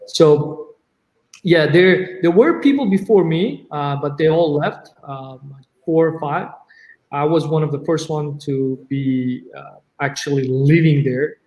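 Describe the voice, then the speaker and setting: A man's voice: on the high side, a little slow, darkish tone, reverberant, poor audio. A man from Uzbekistan, a native Uzbek speaker, answering interview questions in casual talk, hesitant with many fillers and restarts. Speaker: interview guest, tech entrepreneur.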